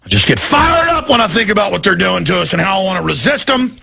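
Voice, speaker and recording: Raspy gravelly guy ranting, high voice jumping all over, yells a lot. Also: sing-song, fast talker, soft background music. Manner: bellowing, frantic, swinging between yelling and muttering. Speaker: ranting broadcaster. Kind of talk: angry on-air rant.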